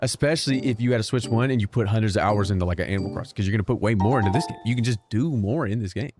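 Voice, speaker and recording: A man's voice: on the low side, rapid-fire. A man streaming a video game, chatting casually, joking and swearing freely as he plays. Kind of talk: casual gameplay commentary. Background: game music.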